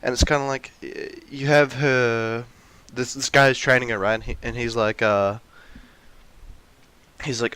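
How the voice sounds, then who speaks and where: Young male vlogger, crisp bright tone, rambly rant with fillers. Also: medium pitch, fairly even intonation, a little slow, dry recording. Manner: rambling with frequent restarts and fillers; acts out mocking quotes of characters. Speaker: video essayist. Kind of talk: ranty casual monologue.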